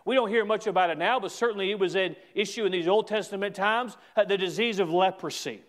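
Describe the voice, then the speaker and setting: High-voiced man preaching a sermon. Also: fast talker. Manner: emphatic preaching with repeated restarts, rising to shouts. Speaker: pastor.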